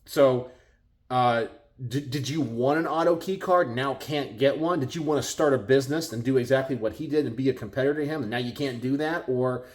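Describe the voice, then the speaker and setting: A middle-aged man with a Texan accent, talking casually to his viewers from his garage, exasperated and full of rhetorical questions. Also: fairly quick. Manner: exasperated, rhetorical, mimics others in high voices. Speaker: gun channel host. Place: home garage.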